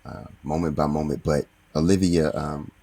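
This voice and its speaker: A man's voice: fairly even intonation, moderate pace, dark tone. A man hosting a recovery podcast, talking in an earnest, heartfelt way. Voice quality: very deep, husky. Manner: earnest, heartfelt, many restarts. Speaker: podcast host.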